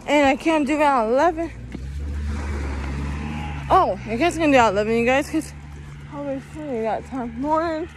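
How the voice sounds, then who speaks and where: A woman's voice: high voice, normal speed, long pauses, slight background noise. A young woman rambling in a casual vlog, out of breath from walking, constantly saying "you guys". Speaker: vlogger. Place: outdoors walking around town.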